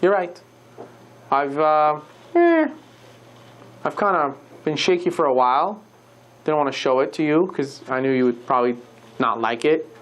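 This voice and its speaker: A lecturer voicing a shaken innkeeper man confessing his doubts, hesitant and halting. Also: medium pitch, animated, fairly bright tone, voice pushed down, close to an everyday voice. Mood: confessional.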